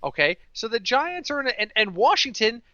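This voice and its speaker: Casting: male podcast host, very bright and forward tone, dry dull mic, lively storyteller. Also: extremely high pitch, a little fast, no echo. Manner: animated storyteller, mimics others in quoted voices. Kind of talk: casual podcast chat.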